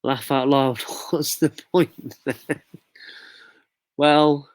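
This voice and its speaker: A man's voice: fairly high pitch, steady tone, extremely slow, long pauses, dry recording. Chatty man hosting a quiz. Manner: chatty, reads out viewer comments, jokey. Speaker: quiz host. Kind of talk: casual live quiz chat.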